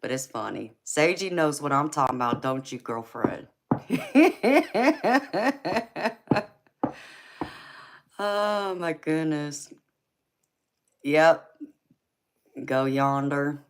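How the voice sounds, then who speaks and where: A woman's voice: deep voice, lively intonation, drawn-out words, long pauses. A woman in her forties from California with a Georgia Southern accent, chatting casually with viewers on a live stream, laughing often and calling them honey and girlfriend. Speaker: livestream tarot reader.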